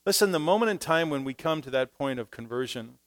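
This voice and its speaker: A man preaching a sermon in church, swinging between quiet, low asides and loud, emphatic passages, speaking into a stage microphone. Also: lively intonation, a little fast. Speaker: pastor.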